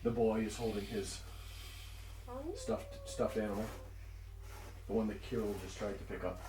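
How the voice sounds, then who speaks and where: A man narrating as dungeon master in a casual, halting way, often restarting his sentences and laughing. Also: lowish voice, steady tone. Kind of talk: narrating a tabletop game, casual. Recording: roomy echo, far from mic, faint noise.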